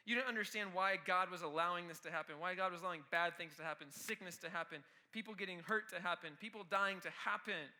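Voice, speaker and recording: A man's voice: sits high, quick pace, few pauses, pushed and bright. A man preaching a youth sermon with energy, talking straight to the students. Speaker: youth pastor.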